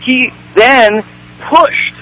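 High, bright-voiced male caller. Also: drawn-out words, a little hiss or hum, poor audio. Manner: earnest, hesitant, many restarts and "you know"s. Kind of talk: call-in radio talk.

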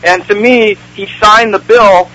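A male caller talks on a radio show. His voice is high and bright, and he is earnest and hesitant, with many restarts and "you know"s. The sound is a radio call-in line. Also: fairly even intonation, unhurried, poor audio.

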